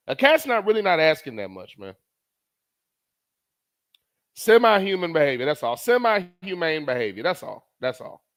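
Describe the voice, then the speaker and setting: A man's voice: a little high, smooth. A man hosting a live stream, talking casually and repeating phrases for effect. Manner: laughing, animated, repeats phrases. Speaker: streamer host.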